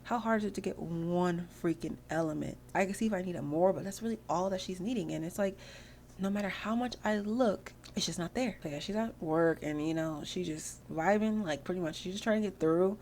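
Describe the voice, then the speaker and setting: A woman's voice: lowish voice, brisk, a little mellow, a little hiss or hum. A woman hosting a gaming channel, giving rambling, chatty commentary over her gameplay.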